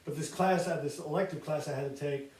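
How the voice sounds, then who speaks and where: High-voiced profane man in echoey room. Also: steady tone, fast, a little mellow. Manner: profane, laughing storyteller. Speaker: podcast co-host. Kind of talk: casual chat. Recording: roomy echo, distant mic.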